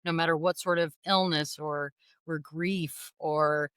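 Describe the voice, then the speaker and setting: A middle-aged woman, an author and interview guest, telling a personal story in an animated, self-deprecating way. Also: sits low, unhurried, clear, resonant tone, no room sound, clean studio sound.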